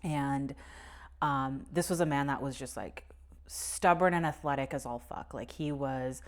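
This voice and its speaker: Young woman, low voice, podcast co-host, candid and sweary, tells a personal story with nervous laughs. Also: a little slow. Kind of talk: casual conversation.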